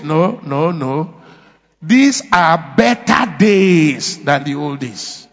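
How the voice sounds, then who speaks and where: Nigerian preacher guy, high gravelly voice, big echoey hall, kinda muffled. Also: expressive, takes it slowly, fairly bright tone. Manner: emphatic, repetitive, call-and-response preaching. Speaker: pastor. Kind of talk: sermon. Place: church.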